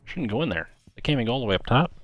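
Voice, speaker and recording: A man giving quiet, musing game commentary as a let's player. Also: mid-range voice, animated, racing, muffled recording, faint music behind.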